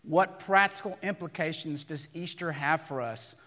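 A man preaching a sermon to his church congregation. He is hoarse and raspy from losing his voice, talks conversationally, and asks many rhetorical questions. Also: fairly high pitch, moderate pace, sharp tone, in a large hall. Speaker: pastor. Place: church sanctuary.

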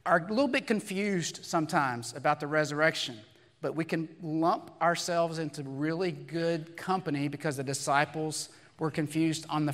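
Hoarse, raspy pastor preaching. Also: male voice, on the high side, a bit bright, in a large hall. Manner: conversational preaching with rhetorical questions. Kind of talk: sermon. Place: church sanctuary.

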